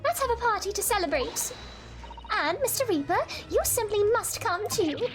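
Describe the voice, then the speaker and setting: A woman's voice: very high voice, lively intonation, moderate pace, music in the background, voice pushed up. A woman voicing a cheerful, sweet little girl with a bubbly manner, reading game dialogue. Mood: delighted.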